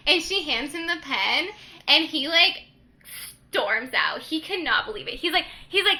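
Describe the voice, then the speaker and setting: A woman's voice: high-pitched, lively intonation, moderate pace, pushed and bright. A young woman co-hosting a book podcast, recapping a novel's plot in casual chat and acting out the characters' lines as she goes.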